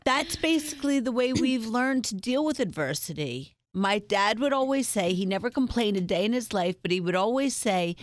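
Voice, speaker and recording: A woman's voice: fairly high pitch, expressive, normal speed, few pauses, no room sound, clean studio sound. A middle-aged woman guest telling personal stories in an interview, frank and upbeat, using humor. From Springfield, United States.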